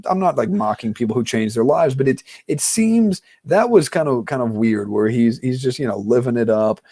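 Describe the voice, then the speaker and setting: A man co-hosting a relaxed film-discussion podcast, his voice mellow and darkly toned. He rambles and thinks aloud, circling his points with little fillers. Mid-pitched and easygoing. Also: moderate pace, dry recording, clean studio sound. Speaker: podcast co-host. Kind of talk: casual film-discussion chat.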